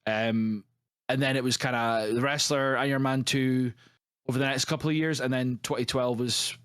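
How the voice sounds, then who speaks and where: A man's voice: mid-range voice, steady tone, normal speed, a bit bright, smooth, no room sound, studio quality. A man co-hosting a film podcast, talking casually in a rambling, hedging way. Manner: rambling, hedging with many restarts. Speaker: podcast co-host.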